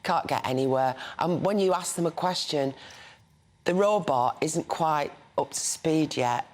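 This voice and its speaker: A woman's voice: low voice, unhurried, darkish tone. An older woman with a Northern English accent, chatting as a newspaper review guest and telling anecdotes in a chatty way. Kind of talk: casual studio chat.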